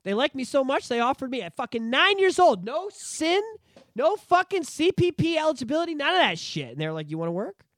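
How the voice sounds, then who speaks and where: Podcast host, man in his 30s, high voice, animated and foul-mouthed, dry close sound. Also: fairly quick, dry recording. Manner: profane, animated storytelling. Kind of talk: casual nostalgic chat.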